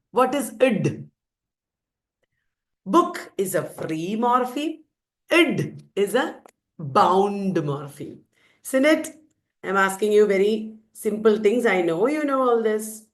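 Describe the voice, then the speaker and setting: A woman's voice: mid-range voice, lively intonation, takes it slowly. A woman teacher with an Indian English accent, quizzing her students and repeating the answers emphatically. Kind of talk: lecture with questions to students.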